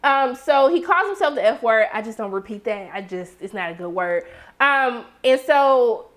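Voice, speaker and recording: Animated high-voiced woman reviewer. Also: normal speed. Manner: animated, acts out characters' lines in sassy asides. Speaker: TV show reviewer. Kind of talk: casual recap commentary.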